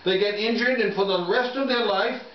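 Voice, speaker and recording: A man's voice: high voice, a little fast. Joking man, distant and echoey. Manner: hesitant, many fillers and restarts, playful. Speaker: co-host of a sports picks show. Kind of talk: casual joking chat. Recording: roomy, distant, dull home recording.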